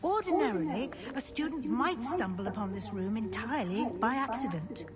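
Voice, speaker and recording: An actress playing a brisk, kindly female professor in a video game, explaining things in an instructive way. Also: a little high, expressive, natural voice. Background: loud game music.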